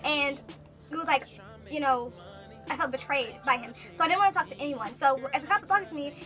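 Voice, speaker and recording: A young woman vlogger telling a personal story in a casual, animated way, full of fillers and quoted thoughts. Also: sits high, faint music behind. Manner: animated, talks fast with many fillers.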